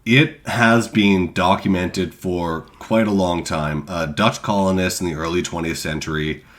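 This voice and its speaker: A man's voice: low voice, fairly even intonation, measured pace, a bit bright. A man co-hosting a podcast, reading researched notes in a casual way with self-deprecating asides. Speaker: podcast co-host presenting cryptids.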